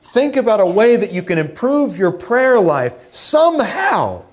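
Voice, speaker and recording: Animated man preaching a sermon. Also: measured pace, a little hiss or hum. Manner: animated, acts out quoted voices with rising pitch. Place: church sanctuary.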